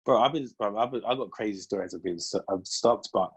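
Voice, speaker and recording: A young man talks quickly in a husky voice, hosting a relaxed chat. He tells animated stories and acts out both sides of each exchange in turn. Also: lowish voice. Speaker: podcast host. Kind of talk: casual chat.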